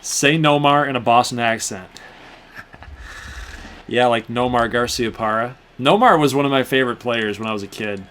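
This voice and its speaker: A man's voice: mid-range voice, lively intonation, moderate pace, pauses often, fairly bright tone, a little hiss or hum. A young man hosting a gaming channel, chatting to viewers with casual play-by-play while he plays a baseball video game. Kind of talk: casual gameplay commentary.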